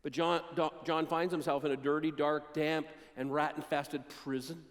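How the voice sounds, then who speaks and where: A man preaching a sermon, retelling Bible stories and acting out the quotes with dramatic pauses. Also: fairly high pitch, little pitch movement, big-room sound. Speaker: pastor. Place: church sanctuary.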